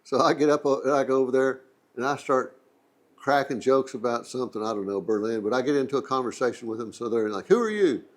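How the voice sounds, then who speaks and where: A man's voice: medium pitch, steady tone, quick pace. A middle-aged man with a Texan accent, casually telling a rambling, joking travel anecdote as the host of a museum channel. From Texas. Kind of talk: casual storytelling.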